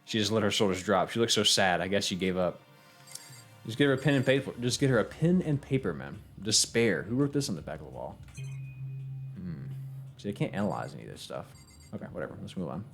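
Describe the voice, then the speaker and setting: A man's voice: lowish voice, expressive, fast, faint music behind. A young man streaming a game, chatting casually with viewers, swearing and laughing as he reads the game text aloud. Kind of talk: casual let's-play commentary, reading game text aloud.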